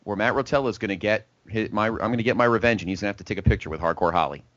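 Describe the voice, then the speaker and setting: A man's voice: on the low side, rapid-fire, a bit bright, no echo. A man hosting a sports talk show in a casual, joking, rambling style. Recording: dull, lo-fi podcast audio.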